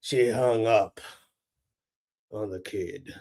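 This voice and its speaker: A man's voice: lowish voice, very slow, gravelly, a little mellow. A man cold-calling home sellers, upbeat on the phone and muttering to himself between calls. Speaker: real estate investor cold-calling sellers.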